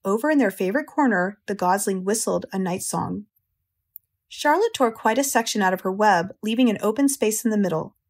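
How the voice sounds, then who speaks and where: An American woman narrating an audiobook in a calm, measured, gentle storytelling manner. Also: mid-range voice.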